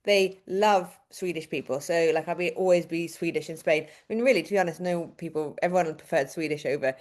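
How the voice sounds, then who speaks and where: A woman's voice: on the low side, brisk, a little mellow. A woman co-hosting a podcast, chatting casually and correcting herself as she tells stories. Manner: rambling, self-correcting storytelling. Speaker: podcast co-host. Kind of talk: casual chat.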